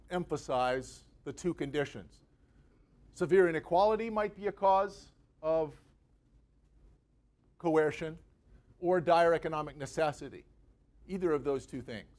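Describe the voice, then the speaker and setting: A man's voice: a little high, darkish tone. A man giving a university guest lecture in a conversational, jokey way, with everyday examples. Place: university venue with a live audience.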